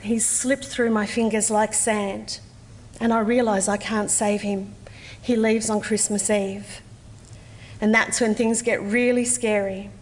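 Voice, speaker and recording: An Australian woman in her forties gives a measured, earnest personal testimony at a conference, with slow, deliberate pauses. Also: medium pitch, flat delivery, big-room sound. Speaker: conference speaker. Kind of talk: personal testimony, read aloud. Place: conference hall.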